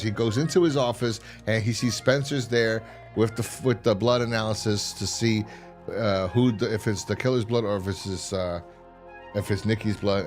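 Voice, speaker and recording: Low-voiced man recapping a show casually. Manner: rambling, profane, acts out characters' lines in quick voices. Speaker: podcast host reviewing a TV series.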